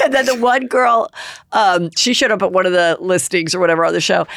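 A woman hosting a casual gossip podcast, telling stories in a chatty, animated way. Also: medium pitch, dry recording, studio quality. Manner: chatty, animated storytelling with playful put-on voices. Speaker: podcast host.

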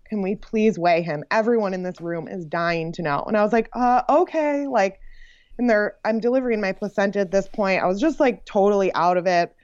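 A young woman telling her birth story in a casual, animated way, full of "like" and laughs. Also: medium pitch, dry recording, highs cut off. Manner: animated, frequent "like" fillers and laughs. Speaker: podcast guest sharing her birth story.

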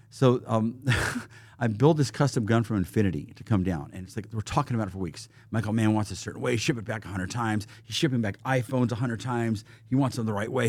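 A man's voice: on the low side, dry recording. A man talking as a podcast guest, telling casual stories with lots of acted-out quotes and gun sounds. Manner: animated, acts out quotes and gun sounds, restarts often. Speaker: podcast guest, firearms trainer. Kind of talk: casual storytelling.

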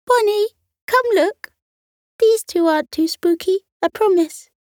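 A woman's voice: high voice, big pitch swings, measured pace, no echo, clean studio sound, pitched above the performer's own voice. A woman voicing a shy, nervous little male cat with a wobbly, timid voice in a bedtime story.

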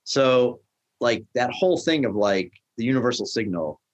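A middle-aged man in a casual chat, telling a story with lively energy and acting out the lines of the people he quotes. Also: mid-range voice, moderate pace, muffled recording, a little hiss or hum. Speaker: guest, restaurant founder.

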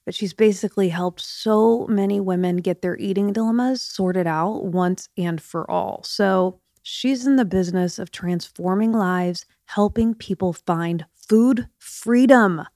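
A middle-aged woman talks straight to her listeners with a slight lisp, her jaw still stiff from surgery. Her voice sits at an ordinary pitch, and she chats in a confiding way, sometimes dropping to a whisper. The recording is close and dry. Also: unhurried, hardly any pauses, darkish tone, no echo. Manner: chatty, confiding, drops to whispers. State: recovering from jaw surgery, limited mouth movement. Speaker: podcast host. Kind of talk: casual chat.

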